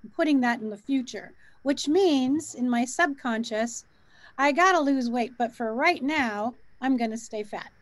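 High-voiced woman coaching warmly. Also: measured pace, no room sound. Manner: encouraging, coaching tone. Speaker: co-host. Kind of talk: casual spiritual chat.

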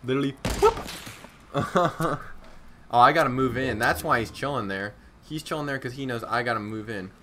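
Streaming a shooter live, this young man talks to his viewers casually at a moderate pace in a mid-range voice, with slight background noise. His gameplay commentary is slangy and excitable, full of self-mockery and flare-ups at tense moments.

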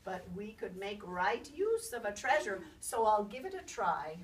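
A woman's voice: mid-range voice, sing-song, a little slow. A woman voicing a lazy, headstrong young girl who speaks boldly and impatiently, in a told storybook tale. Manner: bold, impatient. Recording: distant mic, faint background noise.

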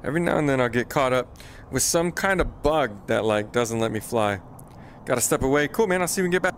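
With lively intonation and a slightly fast delivery, a man's mid-range voice comes through over background noise. He casually narrates his flight game on stream, chatting to viewers and mocking his own flying.

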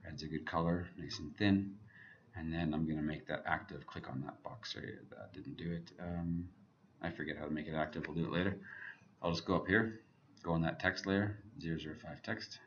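Man, very low voice, casual screen-recorded tutorial, thinking aloud, faint hum and keyboard clicks behind. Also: fairly even intonation, a little fast, muffled recording. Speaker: architect teaching software.

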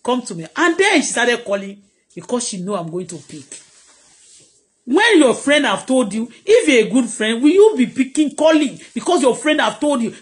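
A middle-aged Nigerian woman vlogger, delivering a heated, preachy live-streamed rant that scolds her critics. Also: a little high.

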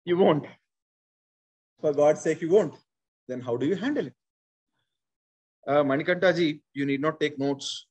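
Husky Indian-accented man teaching speakers. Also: on the high side, normal speed, long pauses. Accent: Indian English. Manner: animated, repeats points, addresses listeners directly. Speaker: public speaking trainer. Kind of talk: conversational training session.

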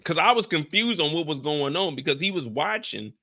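A young man from the Bay Area riffs through a TV recap in loose, profane chat. His voice sits high and swoops up and down as he talks. The tone is bright and forceful. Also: brisk. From San Francisco Bay Area. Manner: animated, profane, acts out scenes with shouted put-on lines. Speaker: recap show host.

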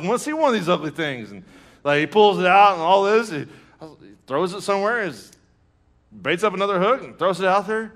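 A man, preaching a sermon with lively storytelling and acted-out reactions. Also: fairly high pitch, a little fast. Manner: storytelling, animated, acts out his own reactions; laughs through jokes. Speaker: pastor.

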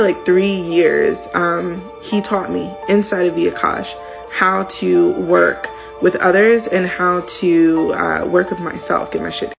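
Gravelly low woman over loud music. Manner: loose, filler-heavy explanation. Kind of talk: casual talk.

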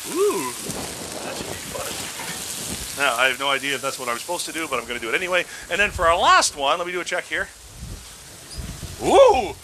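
A man's voice: fairly high pitch, background noise. A middle-aged man hosting a casual grilling demo outdoors, chatty and self-mocking as he cooks. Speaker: grilling show host.

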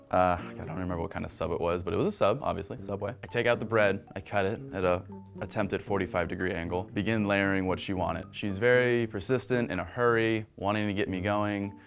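A man's voice: sits low, vocal fry. A man telling a story about his brief job at a sandwich shop, with dry, wry humor. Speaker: former fast-food worker. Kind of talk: storytelling to camera.

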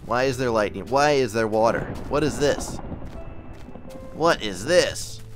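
A young man giving casual gameplay commentary as a channel host, excitable and often yelping in surprise. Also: medium pitch, unhurried, music in the background. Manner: excitable, exclaims and yelps often.

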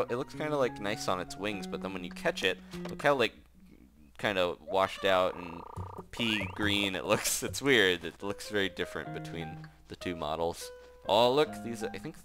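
A man talks his way through a video game in an easygoing, chatty way, reacting quickly to whatever pops up on screen. His voice sits on the low side. Clear game music plays underneath him the whole time. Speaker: let's play host. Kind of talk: casual gameplay commentary. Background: game background music.

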